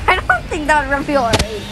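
A woman giving casual commentary while playing a game, excitable and melodramatic, swinging from mumbling to yelling. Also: sits high, a little fast, rough recording. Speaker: gameplay commentator. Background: game music.

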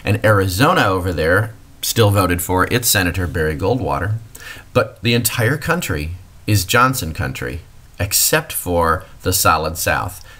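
Deep-voiced male history lecturer. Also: very animated, unhurried, pushed and bright. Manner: explanatory, addressing students directly.

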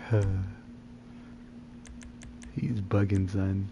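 Laid-back low-voiced man flirting in roleplay. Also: fairly even intonation, unhurried, pauses often, darkish tone, slight background noise. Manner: flirty, joking banter with frequent laughs; slips into a put-on street accent. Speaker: streamer roleplaying a character. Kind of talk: casual live-stream roleplay chat.

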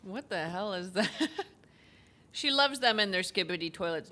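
A woman's voice: mid-range voice, animated, normal speed, bright, forceful tone. A young woman streaming a story game, chatting casually and rambling goofily between laughs. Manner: giggly, rambling and goofy, often laughing. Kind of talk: casual gameplay commentary.

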